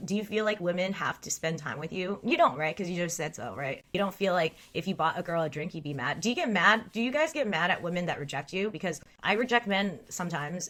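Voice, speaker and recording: A woman's voice: medium pitch, a bit bright. Frank, chatty woman livestreamer. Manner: frank, chatty, laughs often. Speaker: livestream host. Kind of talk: casual livestream chat, reading chat.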